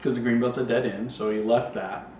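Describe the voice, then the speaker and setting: A man in a family vlog, chatting casually and explaining things in a quick, matter-of-fact way. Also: medium pitch, fairly even intonation, a little mellow, a little hiss or hum. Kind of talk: casual chat. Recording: roomy, off-mic.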